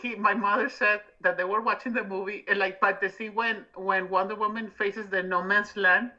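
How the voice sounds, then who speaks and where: A very bright, sharp-toned voice in a loose movie podcast chat, animated and full of quick asides. The sound is a little muffled and lo-fi. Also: mid-range voice. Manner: animated, tells stories about family. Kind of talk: casual movie discussion.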